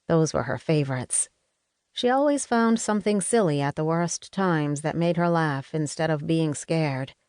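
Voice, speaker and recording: Woman audiobook narrator, low voice, dry close studio sound, measured. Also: darkish tone, no room sound. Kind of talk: scripted narration.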